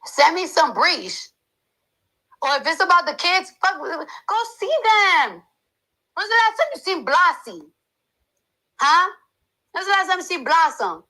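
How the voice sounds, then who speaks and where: A woman's voice: very high-pitched, expressive, measured pace, pauses often, pushed and bright, low-quality recording. A woman in her thirties in a heated, profane, repetitive rant, filmed on a phone for a live video. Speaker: celebrity ranting online. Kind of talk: angry unscripted rant.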